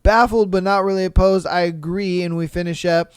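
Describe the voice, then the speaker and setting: A man's voice: high-pitched, steady tone, fairly quick, clear, resonant tone, no echo, clean studio sound. A man hosting a podcast, reading listener stories aloud and reacting in a laid-back, chatty way with crude jokes. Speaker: podcast host.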